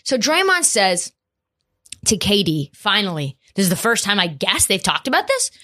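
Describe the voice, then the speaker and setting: A woman hosting a podcast, chatty and animated, with frequent "like" and casual swearing. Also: medium pitch, moderate pace. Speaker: podcast host. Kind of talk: casual commentary.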